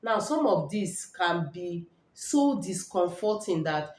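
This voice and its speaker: A middle-aged woman with a Nigerian accent talks straight to her viewers in a lowish voice, circling back over her points and tagging them with quick checks. She sounds like she is speaking into a phone in a bare room with a strong echo. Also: animated, a little mellow. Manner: repetitive, emphatic, storytelling with "all right?" checks. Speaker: health talk host. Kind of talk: casual live talk to viewers. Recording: echoey room.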